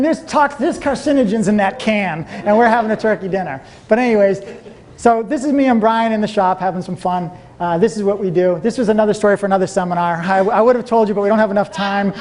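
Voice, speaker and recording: Animated man telling a seminar story. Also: very high voice. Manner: storytelling, animated, laughing often. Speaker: seminar speaker. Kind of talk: motivational seminar talk to a live audience.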